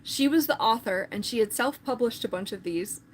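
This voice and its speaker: A woman's voice: fairly high pitch, expressive, a little fast, a little hiss or hum. A woman chatting casually on a live stream, rambling with lots of filler words.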